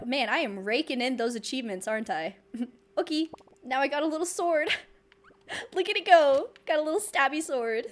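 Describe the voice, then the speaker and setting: A woman's voice: sits high, very animated, moderate pace. A woman hosting her gaming channel, giving playful, giggly let's play commentary into a desk microphone. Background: game music.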